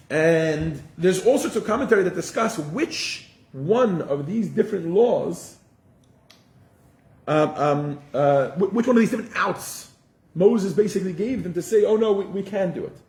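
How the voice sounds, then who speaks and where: A man's voice: sits high, moderate pace. A man giving a casual religious class, telling stories with lots of restarts. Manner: animated storyteller, frequent restarts. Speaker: teacher. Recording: roomy echo.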